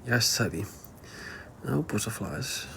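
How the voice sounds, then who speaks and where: A man's voice: lowish voice, expressive, takes it slowly, gravelly, noisy background. A man with a Liverpool accent chatting casually to viewers on a livestream, rambling, laughing often and swearing freely.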